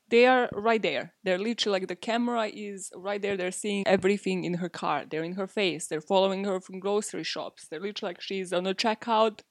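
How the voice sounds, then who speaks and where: A woman's voice: mid-range voice, dry recording, clean studio sound. A young woman hosting a podcast, telling a story in a casual, chatty way and filling her talk with "like" and "literally". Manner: chatty, heavy use of "like" and "literally". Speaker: podcast host.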